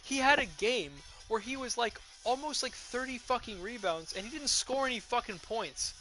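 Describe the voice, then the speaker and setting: A man's voice: extremely high pitch, normal speed, a little hiss or hum, rough recording. A young man ranting casually while streaming a game, tipsy from drinking and swearing a lot as he talks into a headset mic. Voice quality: profane, ranty, excitable. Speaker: gaming streamer. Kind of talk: rambling casual rant while gaming.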